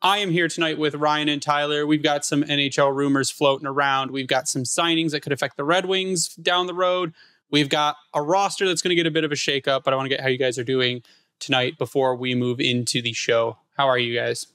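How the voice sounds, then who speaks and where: A man's voice: a little high, fairly even intonation, fairly quick, sharp tone, dry recording. A man hosting a hockey podcast, opening the show and leading a casual chat with friends. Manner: upbeat, leads the conversation. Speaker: podcast host.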